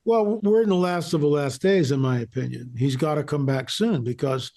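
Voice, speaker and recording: A man's voice: fairly high pitch, normal speed, mellow. A man being interviewed as a researcher and author, talking emphatically and repeating phrases for stress. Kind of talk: interview conversation.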